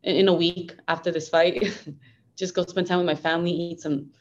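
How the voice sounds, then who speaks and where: A woman's voice: on the low side, flat delivery, normal speed, lo-fi sound. A young woman fighter talking earnestly and upbeatly as a guest in a casual interview. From United States. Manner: earnest, upbeat, code-switches Spanglish.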